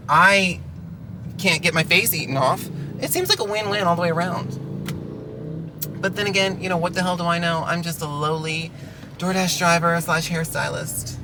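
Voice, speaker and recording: A man ranting casually in an animated, exasperated way while working as a delivery driver. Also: high voice, noisy background.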